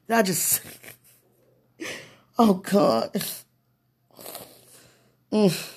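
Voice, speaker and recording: A vlogger speaking an emotional, pleading prayer to the camera, swinging between quiet murmurs and excited bursts. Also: mid-range voice, slow pace, long pauses, breathy edge. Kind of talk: casual spoken prayer to camera.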